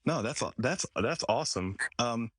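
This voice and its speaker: A man hosting a podcast, telling a personal story in a relaxed conversational way, often restarting and quoting himself. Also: medium pitch, normal speed, slightly rough, dry recording. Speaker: podcast host. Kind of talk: casual conversation.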